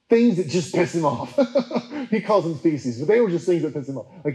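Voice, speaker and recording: A man preacher giving a casual, chatty history talk, full of fillers and quickly acted-out quotes. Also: fairly high pitch, dark tone, low-quality recording.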